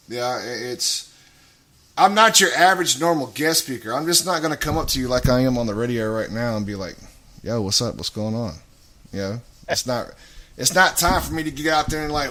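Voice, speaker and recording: A man talking casually on a radio show, rambling, swearing a lot and getting loud. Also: on the low side, slight background noise.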